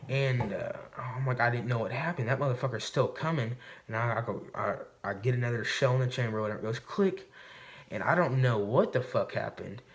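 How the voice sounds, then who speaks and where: A man's voice: medium pitch, brisk. A man vlogging to camera, telling a hunting story in a rambling, swearing, casual way. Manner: rambling and profane, recounting a hunt.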